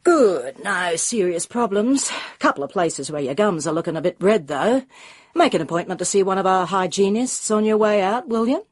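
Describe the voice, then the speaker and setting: A woman voicing a brisk, offhand Australian male dentist in his forties, in an audiobook reading. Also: mid-range voice, lively intonation, slightly rough. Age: 40s.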